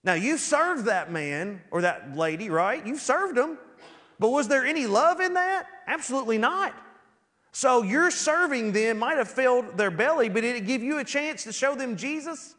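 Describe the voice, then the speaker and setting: A man preaches a sermon with a lot of animation, dropping into little acted scenes to drive home his points. His voice sits high for a man. Long reverb from the church hall trails after his words. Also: expressive, normal speed, fairly bright tone. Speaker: pastor. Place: church sanctuary.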